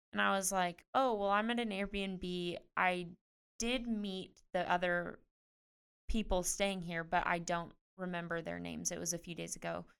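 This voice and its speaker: A woman in her twenties, a pro tennis player being interviewed, chatting in a lively way with lots of "like". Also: fairly low pitch, vocal fry, clear, resonant tone. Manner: chatty, animated retelling with frequent "like". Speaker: guest, professional tennis player. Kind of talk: casual interview storytelling.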